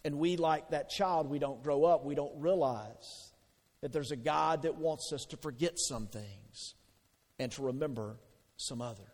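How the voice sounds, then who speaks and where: A man preaching a sermon as pastor, conversational and animated, asking the congregation questions. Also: on the high side, measured pace. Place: church sanctuary. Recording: long hall reverb.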